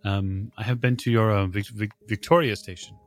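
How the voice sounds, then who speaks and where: A man voicing a dutiful middle-aged station sweeper with an Italian accent, speaking in halting, plain sentences in a tabletop game. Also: on the low side, steady tone, soft background music, natural voice. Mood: friendly.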